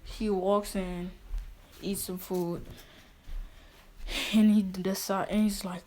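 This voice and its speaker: A woman's voice: medium pitch, little pitch movement, takes it slowly, long pauses, dark tone, slight background noise. A woman improvising a fan story, rambling with many restarts and fillers.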